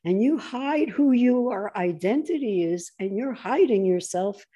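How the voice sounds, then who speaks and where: Woman guest, mellow tone; animated, mocking political commentary. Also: a little slow, slightly rough. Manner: animated, mocks opponents in shrill voices. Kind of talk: political conversation.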